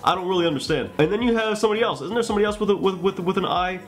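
A man's voice: high-pitched, very fast, faint music behind. A man giving casual art critiques and tutorial tips, chatty and joking, with profane asides.

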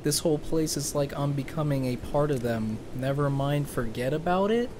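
A man's voice: a little high, normal speed, background noise. A young man giving jumpy, laughing, slang-filled commentary while playing a horror game. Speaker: gaming YouTuber.

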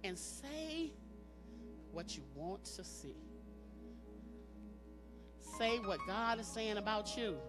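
A woman's voice: medium pitch, very animated, takes it slowly, long pauses, over music. A woman preaching an emphatic sermon at a church service, repeating phrases and calling on the congregation to respond. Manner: emphatic, repetitive, call-and-response.

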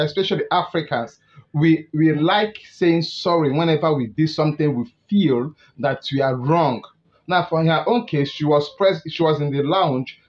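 A man introduces a clip on his channel and keeps pressing viewers to watch and subscribe. His voice sits a bit high for a man. The recording sounds dull and lo-fi. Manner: repetitive, urging viewers. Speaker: channel host.

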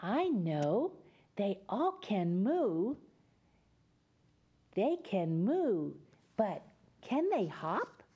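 Slow, sing-song woman reading to kids. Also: mid-range voice, big pitch swings, mellow, husky, highs cut off. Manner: sing-song, coaxing children to join in; animal sounds and call-and-response. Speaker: children's storyteller host. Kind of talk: reading a picture book aloud to children.

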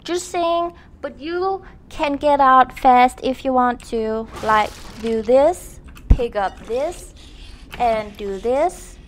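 A young woman with a high voice talks slowly and casually while playing a horror video game, chatting, poking fun at herself and laughing often. She hosts a gaming channel, and this is relaxed let's-play commentary, recorded with slight background noise.

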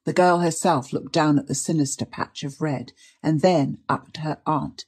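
A woman reading a period mystery story aloud in a measured, dramatic narration. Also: deep voice, darkish tone, breathy edge. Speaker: audiobook reader. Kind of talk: scripted narration.

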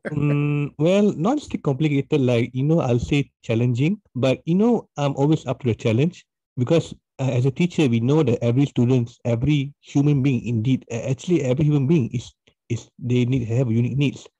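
Mellow-voiced podcast host, halting. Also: male voice, medium pitch, husky, no echo. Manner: hesitant, many restarts and fillers. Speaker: podcast host, math teacher. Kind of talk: casual interview chat. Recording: dull lo-fi dry sound.

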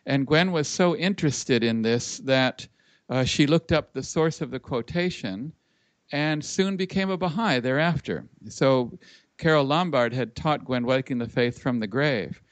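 Male interview guest, mid-pitched, relaxed storyteller, dry sound. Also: moderate pace, dry recording. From Los Angeles. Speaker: guest, public speaker. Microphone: video call.

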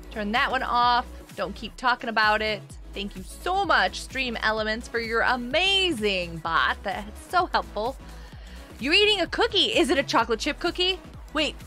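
Bubbly high-voiced woman streamer. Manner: chatty, greets viewers by name, excited outbursts. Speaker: live streamer host. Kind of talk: casual gameplay live stream chat.

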